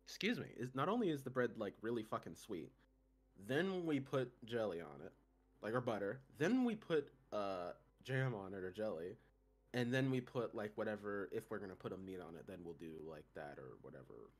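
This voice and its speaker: A man streaming live, chatting casually, animated, laughing often and poking fun at himself. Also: lowish voice, normal speed.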